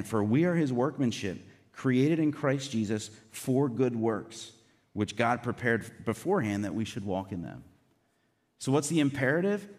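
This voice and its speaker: A man's voice: medium pitch, a little mellow. A man preaching a sermon in an earnest, conversational way, with casual asides to the congregation. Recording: long reverb of a hall.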